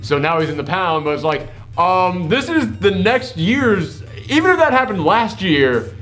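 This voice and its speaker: A man hosting a casual movie reaction chat, animated and sarcastic, swearing freely. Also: high-pitched, unhurried, faint music behind. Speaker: host.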